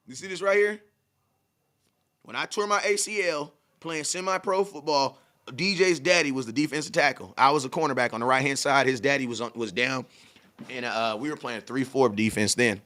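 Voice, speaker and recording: A man in his forties hosting a casual live sports talk stream, animated and repetitive, full of slang, talking straight to his chat. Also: mid-range voice, no room sound, clean studio sound. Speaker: live show host.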